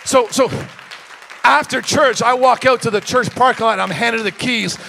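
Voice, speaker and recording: High-voiced preacher storytelling a sermon. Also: male voice, normal speed, creaky, some chatter behind, a little hiss or hum. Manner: storytelling, swings from hushed to shouting.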